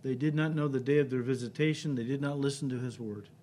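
A male pastor preaching a sermon, emphatic, rising to loud cries and dropping low, often checking in with the congregation. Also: steady tone, quick pace. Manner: emphatic, builds to loud cries then drops low, frequent "right?" checks.

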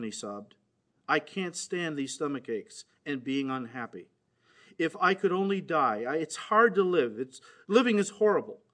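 High-voiced earnest male preacher. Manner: earnest preaching, rising emphatic then dropping to quiet, grave tones. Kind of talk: sermon.

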